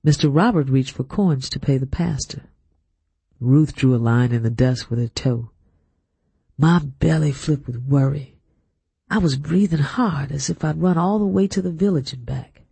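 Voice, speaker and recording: Husky, gravelly male audiobook narrator. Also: fairly high pitch, normal speed, dark tone, dry recording. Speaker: audiobook reader. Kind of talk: scripted first-person narration.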